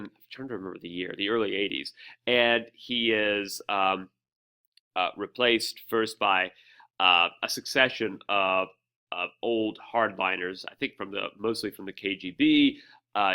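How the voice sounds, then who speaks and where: A man's voice: on the low side, pushed and bright. A man teaching a history lesson in a casual, hesitant way, with frequent fillers, restarts and dry, wry asides. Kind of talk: recorded history lecture.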